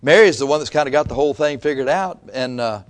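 A man's voice: mid-range voice, fast. A male pastor preaching a sermon in a conversational way, with frequent restarts and quotes he acts out.

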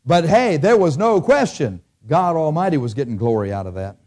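A man's voice: a little high, very animated, normal speed, a little mellow. A man preaching a sermon in a church, speaking conversationally and asking his listeners frequent questions.

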